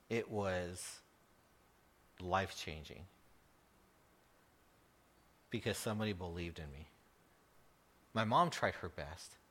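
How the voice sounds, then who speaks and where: A middle-aged man preaching, telling a personal story in an earnest, emotional way, with laughs and pauses. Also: low-pitched, fairly bright tone. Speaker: pastor.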